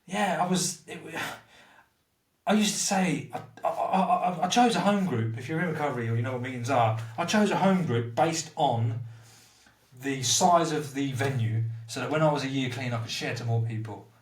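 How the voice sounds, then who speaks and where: A man's voice: medium pitch, normal speed. A man guesting on a podcast, telling his story bluntly and candidly, swearing freely and mocking himself. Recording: roomy, slightly distant mic.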